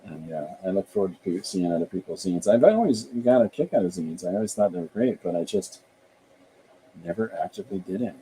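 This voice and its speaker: A man's voice: low-pitched, lively intonation, a little fast, mellow, a little hiss or hum, low-quality recording. A middle-aged man from Canada, a podcast host and author, chatting casually and thinking aloud with frequent restarts.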